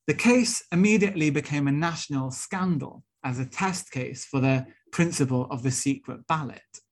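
A young man from Wales, soon to be a minister, tells stories in an earnest, rhetorical sermon style. His voice is a little high and he keeps a moderate pace.

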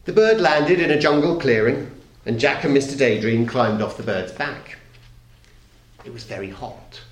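In an echoey talk hall, a middle-aged man reads a children's story aloud to an audience at normal speed and medium pitch. His delivery is playful and expressive, dropping very soft for moments of suspense.

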